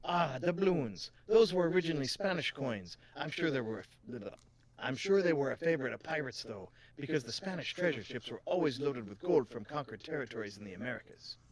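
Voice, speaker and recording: A chatty, kindly shopkeeper lady who loves old coins, as a man puts her on. The put-on foreign accent wobbles, and the voice stays low for a woman. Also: animated, brisk, lightly acted. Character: kindly female coin shop owner, chatty. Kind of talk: voicing a game character.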